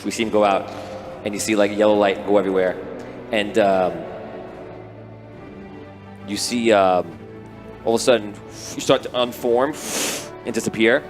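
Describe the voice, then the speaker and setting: A man's voice: lowish voice, normal speed, long pauses, soft background music. Man rambling as game master. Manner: rambling, animated storytelling with restarts. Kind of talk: narrating a tabletop game.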